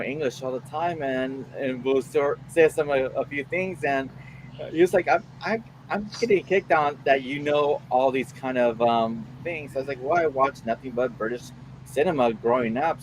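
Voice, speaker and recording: A man's voice: medium pitch, a little hiss or hum, rough recording. A young man chatting casually on a late-night stream, rambling with many restarts and fillers. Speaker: stream co-host. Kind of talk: casual chat.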